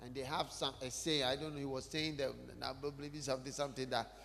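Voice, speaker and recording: A man's voice: mid-range voice, level tone, fast, fairly bright tone. A man preaching a sermon, talking conversationally and putting questions directly to the congregation in a church hall.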